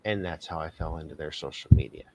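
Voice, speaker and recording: A man in a casual talk-show chat, telling a short story about how he got his job in a relaxed way. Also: extremely low pitch, fast talker, a little hiss or hum, rough recording.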